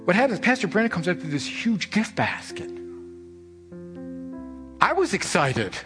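Animated male pastor in a reverberant church. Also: a little slow. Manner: animated storytelling, rising high when excited; repeats phrases for emphasis. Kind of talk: sermon. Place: church sanctuary. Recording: long church reverb with soft music behind.

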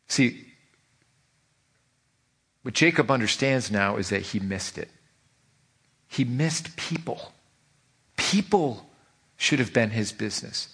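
A man preaching a sermon to his church, animated and emphatic, firing off rhetorical questions. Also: medium pitch, takes it slowly, pauses often, slightly rough. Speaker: pastor.

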